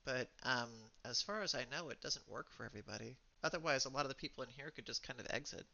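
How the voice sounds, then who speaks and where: A man voicing a shy middle-school boy who speaks in hesitant, halting bursts. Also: medium pitch, vocal fry, pushed and bright, no room sound, muffled recording. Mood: earnest.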